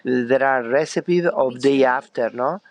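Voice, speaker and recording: A middle-aged man with a strong Italian accent works through his English slowly, filling pauses with "uh" and dropping into Italian words. His voice sits at an ordinary pitch. The sound is dry and close. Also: no room sound. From northern Italy. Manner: halting English with many fillers, slipping into Italian. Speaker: chef. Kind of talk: interview over a call.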